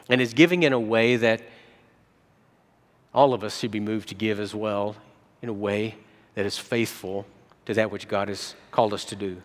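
A man's voice: mid-range voice, fairly bright tone. A man preaching a sermon as pastor, telling stories earnestly with frequent restarts. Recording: long hall reverb.

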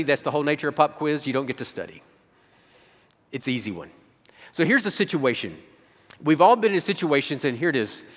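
A male pastor gives a sermon in a conversational way, stumbling over and repeating words as he gathers his thoughts. His voice sits at an ordinary pitch. The sound carries a long reverb from a large church room. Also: a bit bright. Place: church sanctuary.

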